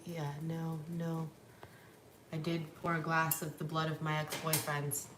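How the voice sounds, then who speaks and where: A woman's voice: deep voice, little pitch movement, a little slow. A young woman livestreaming from home in casual chat, blunt and profane, cooing to her dogs between stories. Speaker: livestream vlogger. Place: home, in a room. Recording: echoey room, mic at a distance, noisy.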